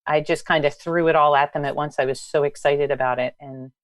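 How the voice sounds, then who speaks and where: A woman instructor, a guest, telling lively stories about her teaching and acting out what people said. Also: sits low, brisk, no echo, studio quality. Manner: animated, acts out past dialogue. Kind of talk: storytelling in conversation.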